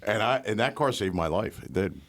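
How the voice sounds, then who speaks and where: A man's voice: lowish voice, expressive, brisk, fairly bright tone. A man co-hosting a comedy podcast, telling stories in casual banter with frequent asides and swearing. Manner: swears freely, tells stories with lots of asides. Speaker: podcast co-host.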